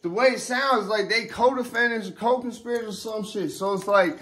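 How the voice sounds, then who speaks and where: A young man with a noticeably high voice delivers loose, rambling commentary straight to his audience. He leans hard on profane street slang and constant fillers and restarts. He grows emphatic and heated as he vents. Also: moderate pace, fairly bright tone. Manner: heated and emphatic when riled up. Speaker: vlogger. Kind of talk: casual ranting commentary to camera.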